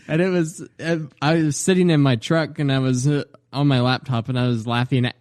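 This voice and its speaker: A man with an Indiana accent co-hosts a casual podcast. He tells stories with plenty of laughter, and his mid-pitched voice sits dry and close to the mic. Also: normal speed, hardly any pauses, dry recording. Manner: laughing, animated storytelling. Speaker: podcast co-host.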